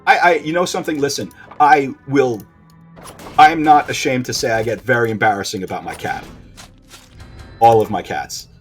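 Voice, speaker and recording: Excitable, swearing man playing a game. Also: mid-range voice. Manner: excitable, profane, animated. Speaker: let's play streamer. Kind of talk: casual gameplay commentary.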